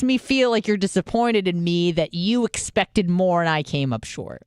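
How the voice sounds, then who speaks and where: Young woman radio host, casual monologue, frank and foul-mouthed, smooth clear voice, dry close sound. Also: medium pitch, animated, normal speed, hardly any pauses, darkish tone, dry recording. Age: 20s. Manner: candid, profane, self-deprecating storytelling.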